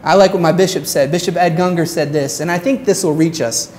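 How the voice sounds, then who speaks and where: A woman's voice: fairly low pitch, steady tone, darkish tone, slight background noise. Earnest woman preaching a sermon. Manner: earnest preaching, slows down on key phrases. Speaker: pastor.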